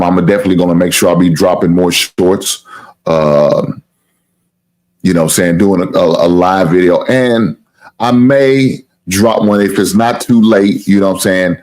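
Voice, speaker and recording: A man with a deep, low-set voice hosts a casual live sports stream. He rambles, circles back, swears casually and keeps plugging his channel in a loose, relaxed tone. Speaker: sports talk show host.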